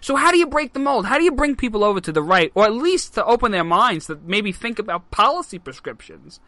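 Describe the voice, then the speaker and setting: A man hosting a talk show, delivering energetic, punchy commentary to listeners. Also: high voice, fast, no room sound. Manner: energetic, punchy host patter. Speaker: show host.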